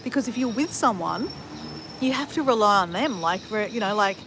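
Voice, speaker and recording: A woman's voice: medium pitch, animated, fairly quick, background noise. Chatty fifty-year-old woman vlogger. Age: 50s. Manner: chatty, rambling, with frequent swearing and fillers. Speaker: travel vlogger. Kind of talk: casual livestream chat answering viewers.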